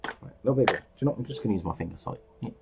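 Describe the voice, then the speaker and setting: A man's voice: on the low side, animated, rapid-fire, vocal fry. A man talks his way through a crafting session, rambling and cracking jokes at his own expense. His voice swoops up and down a lot as he mutters and curses. A faint hiss sits under the desk mic. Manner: rambling, jokey, swears and mutters to himself. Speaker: miniature painting hobbyist. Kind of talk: casual running commentary while crafting.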